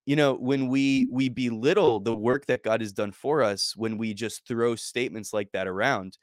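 A man's voice: medium pitch, fairly even intonation, normal speed, no echo, clean studio sound. A man co-hosting a casual faith podcast chat, talking earnestly and emphatically and often repeating words as he starts a thought.

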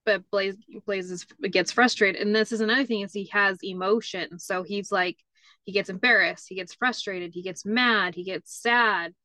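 A woman's voice: mid-range voice, fairly even intonation, normal speed, bright, forceful tone, dry recording. Chatty woman guest, dry sound. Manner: chatty, many "like" fillers. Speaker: interview guest. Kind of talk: casual storytelling chat.

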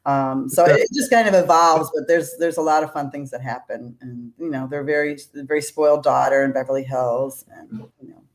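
A woman's voice: rumbling low, fairly quick, few pauses. A middle-aged woman, an actress guest, chatting casually and rambling with frequent laughs and restarts. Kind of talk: casual interview chat.

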